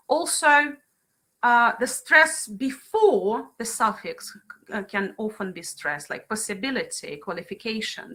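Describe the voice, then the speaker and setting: A woman running an online training session for teachers, lively and often checking in with her group by asking "right?" and "yeah". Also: fairly high pitch. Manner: frequent fillers and brief laughs.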